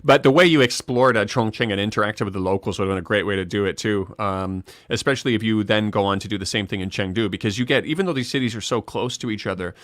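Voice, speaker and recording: A Canadian man co-hosting a live stream in casual chat, chatty and quick to laugh. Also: lowish voice, a bit bright, dry recording, clean studio sound. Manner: chatty, restarts often, laughs easily.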